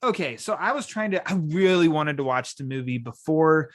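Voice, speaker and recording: A man's voice: fairly high pitch, expressive, moderate pace. A man hosting a casual podcast chat from home, rambling a bit and playfully quoting lines. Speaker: podcast host.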